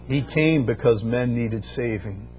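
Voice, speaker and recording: A man's voice: mid-range voice, darkish tone. A man preaching a sermon, building emphasis through repeated phrases and rising bursts. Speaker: pastor.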